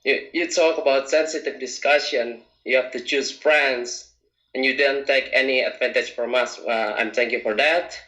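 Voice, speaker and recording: A man's voice: mid-range voice, fairly even intonation, normal speed, pushed and bright, roomy sound. A man from Indonesia, calling in and speaking hesitantly with many fillers. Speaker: caller. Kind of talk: phone call-in chat.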